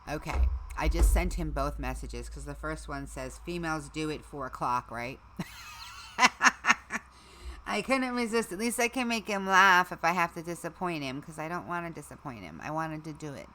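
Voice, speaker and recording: A middle-aged woman hosting a casual livestream, chatting to her viewers, her equipment and her dogs, her voice going hoarse. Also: deep voice, normal speed, fairly bright tone, a little hiss or hum. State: losing her voice. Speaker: livestream host.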